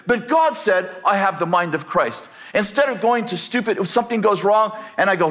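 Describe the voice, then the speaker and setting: Male pastor, preaching, rhetorical questions, slightly high voice. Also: expressive, brisk, hardly any pauses, fairly bright tone. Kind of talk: sermon.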